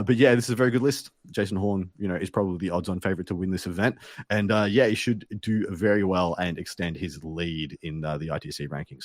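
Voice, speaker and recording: Low-voiced laid-back male podcast host. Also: a little mellow, no echo, clean studio sound. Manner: laid-back, rambling, jokey. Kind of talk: casual gaming podcast chat.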